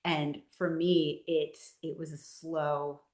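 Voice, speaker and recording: Woman, casual podcast chat, animated storyteller, slightly low pitch, echoey room. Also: slow pace. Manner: chatty, animated storyteller, many fillers. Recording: roomy echo.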